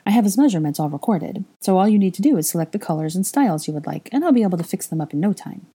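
Brisk reassuring shopkeeper witch, businesslike, husky, mellow, read by a woman. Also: lowish voice, animated.

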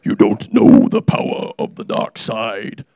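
A man doing a quick impression of a deep-voiced, menacing masked space villain in the middle of his sermon. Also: wildly swooping pitch, creaky, dark tone, dry recording, studio quality, heavily acted.

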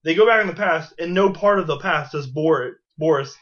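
A man's voice: on the high side, brisk, fairly bright tone, highs cut off. A man co-hosting a casual movie podcast, arguing bluntly and repeating his points. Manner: argumentative, blunt, repeats himself. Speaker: podcast co-host. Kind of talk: casual movie-review chat.

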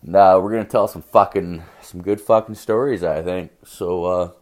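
A man's voice: deep voice, fairly even intonation, moderate pace, darkish tone. A young man from Canada hosting a podcast, telling a story in a rowdy, profane way and acting out both sides of the conversation. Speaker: podcast host. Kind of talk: casual storytelling monologue.

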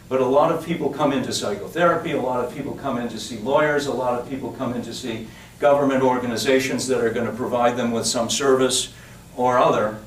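A man lectures in a rambling, conversational way, breaking off into asides and restarting his sentences. He is heard from some distance in a reverberant room, with a faint hiss underneath. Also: medium pitch. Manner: digressive, chatty, frequent restarts and asides. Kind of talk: public lecture. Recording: roomy echo, distant mic, faint hiss.

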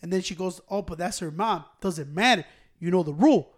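A young man spins a profane, animated story for his friends, cursing freely and laughing as he goes. His voice sits high for a man. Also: a little fast. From Hispanic American.

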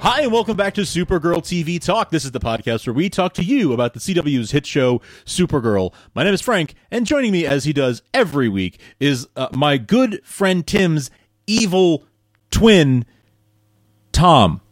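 Male podcast host, casual, animated, mid pitch, dry mic. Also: brisk, dry recording. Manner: laughs often, chatty and animated. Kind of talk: casual chat.

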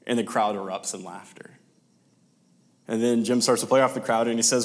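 A man preaching a sermon, telling a story with pauses and restarts and dropping to near-whispers. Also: medium pitch, steady tone.

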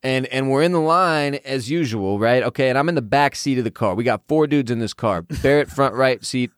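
A man in his thirties, a podcast co-host, telling a story in casual chat, animated and profane, laughing as he goes. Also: mid-range voice, brisk, smooth, no echo, studio quality.

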